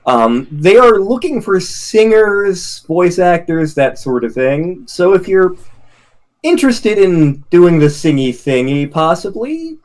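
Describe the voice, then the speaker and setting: A man co-hosting a game stream, wrapping up in casual chat, rambling and halting with frequent restarts. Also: high voice, big pitch swings, a little mellow. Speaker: streamer co-host.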